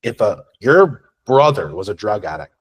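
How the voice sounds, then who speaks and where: Husky, blunt man coaching. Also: fairly low pitch, big pitch swings, moderate pace. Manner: blunt, profane, conversational; rambling with frequent restarts and tag questions. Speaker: sales coach. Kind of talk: unscripted masterclass talk.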